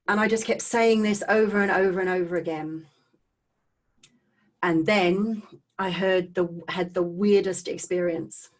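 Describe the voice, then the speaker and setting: A woman giving an emotional personal testimony over a video call, halting and earnest, often repeating and restarting her words. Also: on the low side, steady tone. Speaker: speaker sharing her personal story.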